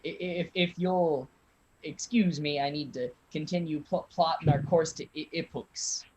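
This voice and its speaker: A man voicing a frail, elderly male ship's navigator who stutters and trips over his words, low and soft. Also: fairly even intonation, normal speed, a little hiss or hum, close to an everyday voice, low-quality recording. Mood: doddering. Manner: stuttering, quavering. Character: frail stammering old male ship navigator.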